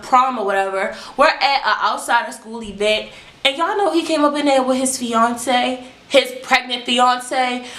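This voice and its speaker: A young woman telling a story from her own life in a casual vlog, in a candid, animated and profane way. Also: medium pitch. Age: young adult. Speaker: vlogger. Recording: roomy echo.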